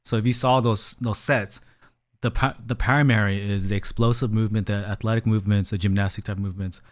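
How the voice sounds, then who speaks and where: A man's voice: on the low side, fairly even intonation, a little fast. A man streaming live from a small room, chatting casually and rambling to his viewers, a little out of breath. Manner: chatty, rambling, talks to chat as "fam".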